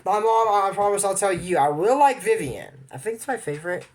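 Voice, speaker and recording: Here the young man from Amarillo, Texas, sounds high, very animated, and brisk. His casual commentary on a cartoon episode rambles, dotted with apologetic asides.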